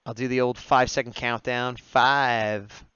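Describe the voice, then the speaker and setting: Over dull lo-fi audio, a male artist on a livestream fields drawing requests, narrating what he draws and chatting with viewers. He speaks at a moderate pace with a medium, creaky, fairly bright voice and no echo. Chatty and constantly commenting, he often cracks himself up.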